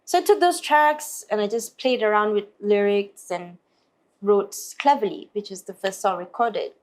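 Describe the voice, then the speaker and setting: This Malaysian woman is a singer guesting in an interview, telling stories at a moderate pace in a mid-range voice. She's lively and acts out other people's dialogue with put-on voices.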